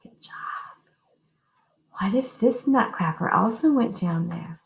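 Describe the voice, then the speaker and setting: Her intonation is lively and edged with vocal fry as this music teacher narrates a story for small children and leads basic call-and-response singing. Slow and sing-song, she encourages the kids and models high and low notes in an echoey school music room.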